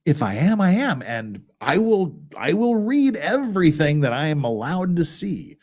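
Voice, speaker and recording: A man with a fairly high, very animated voice talks through a blog post as a lawyer reacting to it. His delivery is conversational, and his pitch jumps around a lot as he adds exasperated asides. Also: measured pace. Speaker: lawyer commentator. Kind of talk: reaction commentary reading a blog aloud.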